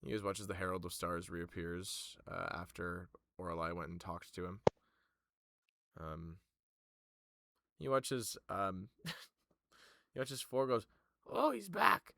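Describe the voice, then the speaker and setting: A man narrating a tabletop game as game master, halting and full of fillers. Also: sits low, a bit bright.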